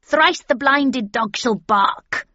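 A woman's voice: sits high, bright, forceful tone, dry recording, lo-fi sound, pitched above the performer's own voice, heavily acted. A woman doing a proclaiming old hag witch. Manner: slow theatrical proclaiming.

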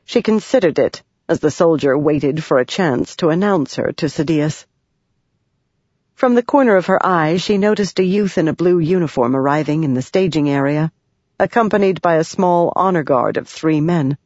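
An audiobook narrator reading a fantasy novel in an even, measured way. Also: mid-range voice, no echo. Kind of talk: scripted narration. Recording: dry, dull lo-fi sound.

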